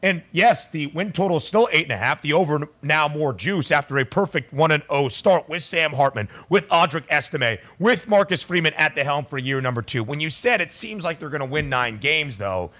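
A man's voice: fairly high pitch, animated, normal speed, hardly any pauses, pushed and bright. A man hosting a sports betting radio talk show, emphatic and jokey.

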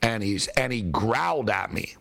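A man telling a story in casual chat, animated and laughing as he talks, with some swearing. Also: on the low side, measured pace, creaky. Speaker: podcast guest telling a story.

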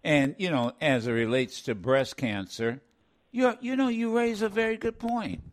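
A man's voice: on the high side, lively intonation, normal speed. A man with an Ohio accent hosting a call-in radio show, emphatic and repeating his words as he talks. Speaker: radio talk show host.

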